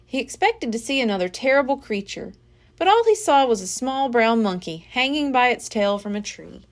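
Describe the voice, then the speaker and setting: Expressive woman reading a children's book. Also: a little high, normal speed. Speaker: library storyteller. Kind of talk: children's book read-aloud.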